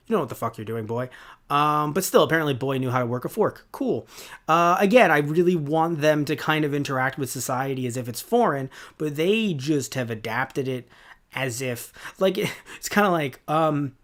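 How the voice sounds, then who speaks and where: His voice on the high side and a bit bright, a twenty-something podcaster talks at a normal speed with plenty of animation. The review he gives is casual and meandering, laced with sarcasm, filler words and constant corrections of himself.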